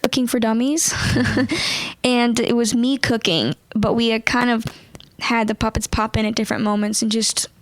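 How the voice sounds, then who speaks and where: A woman's voice: a little high, normal speed, no room sound. Bubbly young woman with a dry, close sound. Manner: bubbly, laughs often, chatty storytelling. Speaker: ventriloquist guest. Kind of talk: casual interview chat.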